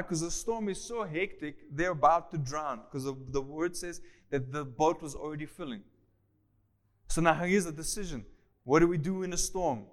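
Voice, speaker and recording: A man preaching a sermon with a high voice. He acts out the people in the story with lively voices and drops from loud, emphatic bursts to quiet, soft asides. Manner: animated, acts out voices of the disciples and Jesus. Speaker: pastor.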